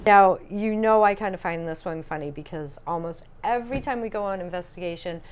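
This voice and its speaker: A woman co-hosting a casual paranormal chat, telling stories in a chatty, animated way. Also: on the low side, fairly quick, slight background noise. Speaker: paranormal podcast co-host.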